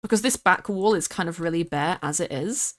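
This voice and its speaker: A woman's voice: fairly low pitch, brisk. A young woman from the United Kingdom, a streamer chatting casually and rambling while she builds in a game, often giggling and swearing.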